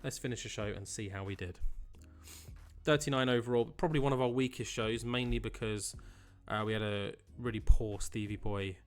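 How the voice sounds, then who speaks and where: A man's voice: fairly low pitch, steady tone, normal speed. A young man casually commentating his own game playthrough in a chatty, upbeat way with joking asides. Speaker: gaming channel host. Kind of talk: casual let's-play commentary.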